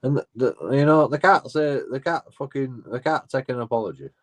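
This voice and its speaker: A man's voice: mid-range voice, a little fast. A man rambling casually in a profane, repetitive monologue, restarting his phrases as he talks. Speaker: auditor vlogger.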